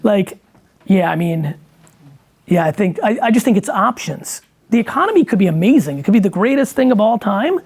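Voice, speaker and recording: A man's voice: high-pitched, big pitch swings, fairly quick, darkish tone, slightly rough. A man in casual conversation, talking bluntly and emphatically with lots of swearing. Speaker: guest entrepreneur.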